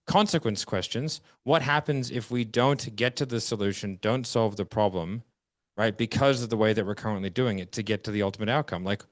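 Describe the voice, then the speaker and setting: A man's voice: lowish voice, brisk, no room sound. A man co-teaching a sales seminar, conversationally running through a list of concepts. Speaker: co-trainer. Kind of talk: seminar discussion.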